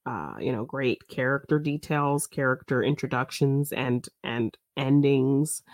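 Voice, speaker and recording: A woman's voice: a bass voice, measured pace, a little mellow, no room sound, studio quality. Giggly woman recapping a movie. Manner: giggly, lots of fillers. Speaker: podcast co-host. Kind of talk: casual film review chat.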